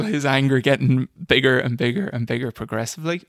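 Man, young adult, gravelly voice, dry close sound, laughs at himself, casual interview. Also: medium pitch, brisk, a bit bright, no room sound. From Ireland. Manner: self-deprecating, laughs while telling stories, frequent restarts. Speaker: screenwriter guest.

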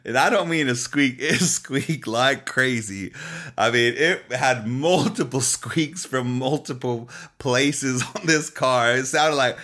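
A man delivers a sermon as a pastor, his voice sitting at a middle pitch. He tells personal stories with animated energy, laughing easily as he goes. He keeps checking in with his listeners. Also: slow. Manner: animated storytelling, laughs often, asks "okay?".

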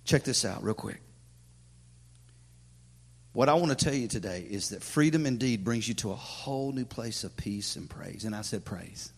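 A man preaching a sermon as pastor, passionate, swinging from loud declarations to hushed, near-whispered moments. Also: on the low side, lively intonation, normal speed, creaky, long reverb tail. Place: large church hall.

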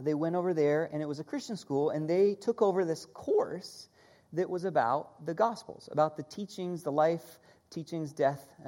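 A woman preaching a sermon, teaching in an animated way, stressing key words and leading her listeners in repeating after her. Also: sits low. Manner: animated teaching, leads the audience in call-and-repeat.

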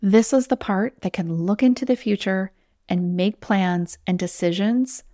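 A woman's voice: mid-range voice, unhurried, dark tone, no echo, studio quality. A woman hosting a solo podcast as a weight loss coach, talking in an encouraging, conversational way and sometimes acting out inner voices.

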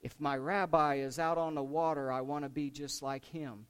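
Retelling a story from scripture, a man delivers a sermon that moves energetically from loud, dramatic lines to low, quiet emphasis. His tone is clear and resonant, and he speaks at normal speed.

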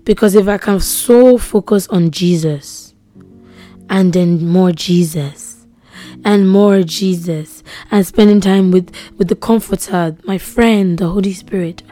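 Faint music plays behind this young devotional podcast host, whose voice is lowish and slow. Her delivery is earnest and repetitive, sinking into quiet whispers when she wants to stress a point.

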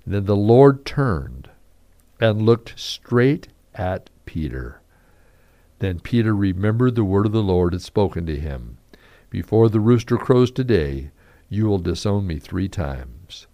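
A man preaching a radio devotional, reading scripture aloud and acting out the quotes with animated emphasis. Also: low-pitched, unhurried. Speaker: radio pastor.

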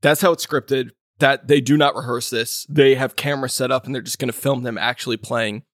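A man's voice: mid-range voice, fairly quick, dry recording, studio quality. A man co-hosting a podcast, talking casually about a movie and retelling its scenes with energy. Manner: animated storyteller who acts out quoted lines. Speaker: podcast co-host. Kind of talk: casual film discussion.

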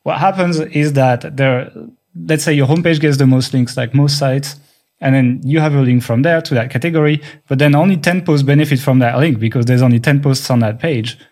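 A man's voice: mid-range voice, fairly quick, a little mellow. A man with a French accent, whose first language is French, co-hosting a podcast and explaining things in casual chat, thinking aloud with restarts. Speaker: podcast co-host.

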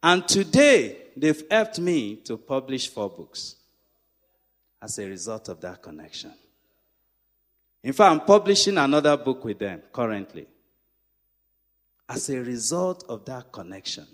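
A middle-aged male pastor preaching a sermon, calling on the congregation to repeat after him and rising to shouts. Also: mid-range voice, sing-song, a little slow, pauses often. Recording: echoey hall.

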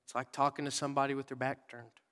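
A young man preaching a sermon in casual, conversational words, swinging from loud readings to soft whispered asides. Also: mid-range voice, level tone, quick pace, clear, resonant tone, long reverb tail. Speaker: pastor. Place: church sanctuary.

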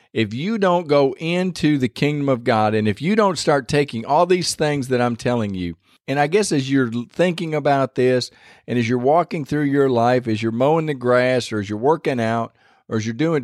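A man's voice: medium pitch, a little mellow, no room sound, clean studio sound. A man hosting a devotional podcast, talking in a rambling, conversational way with many restarts. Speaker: podcast host.

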